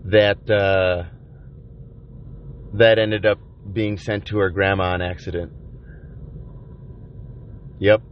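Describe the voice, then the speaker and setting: Man, low voice, profane halting vlog confession from a van, dull lo-fi sound. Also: flat delivery, slight background noise. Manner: profane, halting, with many restarts. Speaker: vlogger. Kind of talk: rambling confessional monologue. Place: inside a van by the ocean. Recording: dull lo-fi recording.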